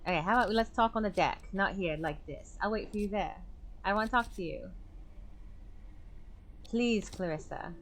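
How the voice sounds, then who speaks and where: A woman reading the lines of a calm, manipulative woman who coaxes a grieving widow in a mystery game. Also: mid-range voice, normal speed, pauses often, close to an everyday voice. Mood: coaxing.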